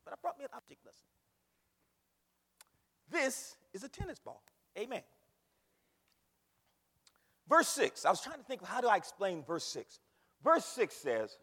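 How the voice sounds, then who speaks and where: A man preaching a sermon with dramatic swings from shouts to hushed whispers, repeating words for emphasis. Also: high-pitched, wildly swooping pitch, normal speed, pauses often, husky, long reverb tail.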